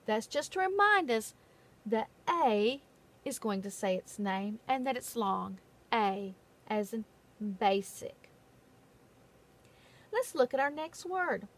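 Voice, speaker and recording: A woman giving a phonics lesson in a patient, deliberate way, stressing the key words. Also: fairly high pitch, sing-song. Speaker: phonics teacher. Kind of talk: slow, careful classroom instruction.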